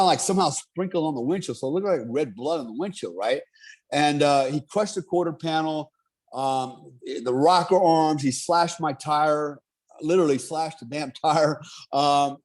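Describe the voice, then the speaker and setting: A middle-aged man telling a story in casual, profane talk, animated and laughing often. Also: on the high side.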